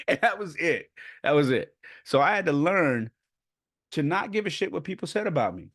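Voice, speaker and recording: A man's voice: a little high, big pitch swings, a little slow, a bit bright, no room sound, studio quality. Man telling stories on a podcast. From San Jose, California. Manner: rambling, conversational, with restarts and laughs. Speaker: podcast host. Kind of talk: casual storytelling monologue. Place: bedroom at home, child sleeping nearby.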